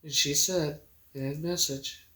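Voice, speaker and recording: Halting, emotional woman in an echoey room. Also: low voice, steady tone, fairly bright tone. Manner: emotional, halting, with many pauses and restarts. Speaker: livestreamer. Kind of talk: casual livestream chat. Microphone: phone.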